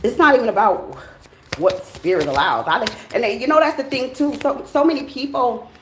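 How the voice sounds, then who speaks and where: A woman's voice: fairly high pitch, normal speed, echoey room, noisy background. Blunt, profane woman reading tarot cards. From United States. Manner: blunt, profane and animated, with slang. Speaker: tarot reader. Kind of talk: casual tarot reading monologue.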